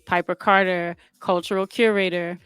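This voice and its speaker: A woman cultural curator giving a relaxed, casual podcast shout-out. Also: lowish voice, normal speed, clear, resonant tone, no room sound. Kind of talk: casual promo read.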